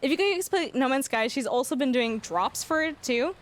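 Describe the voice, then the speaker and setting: A young woman chatting casually on a live stream, telling an embarrassing story with lots of laughter and sudden high squeals. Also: moderate pace. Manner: animated storytelling, frequent laughter, rising squeals. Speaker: livestreamer.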